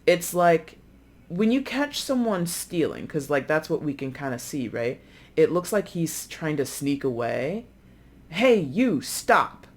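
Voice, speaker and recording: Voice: medium pitch, expressive, measured pace, darkish tone. A tarot reader speaking casually to camera, chatty and loose, often acting out the lines of imagined people. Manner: loose, with frequent fillers and self-corrections.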